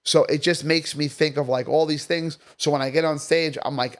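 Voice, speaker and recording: Brash, profane male comedian, voice sits a little high, rambling guest talk. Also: steady tone, normal speed. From Staten Island, New York. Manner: brash, profane, jumps between topics. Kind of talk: casual podcast chat.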